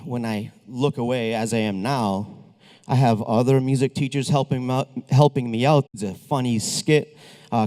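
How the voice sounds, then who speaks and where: Brief: male band director, chatty and upbeat, mellow tone, long hall reverb. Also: mid-range voice. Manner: chatty and upbeat, with restarts and asides. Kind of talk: speaking to a concert audience between pieces. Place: school auditorium.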